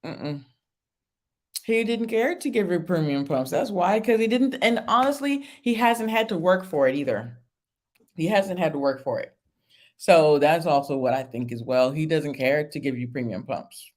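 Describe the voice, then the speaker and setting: A low-voiced woman speaking at a normal pace hosts a relaxed reality TV review stream. Laughter comes often, she takes up viewer comments, and she repeats things for emphasis.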